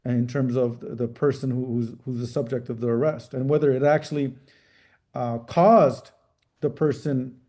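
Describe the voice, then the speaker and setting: A middle-aged man, a trial attorney, answering interview questions in a measured, careful way with frequent restarts. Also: medium pitch, steady tone, warm tone. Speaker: civil rights trial attorney.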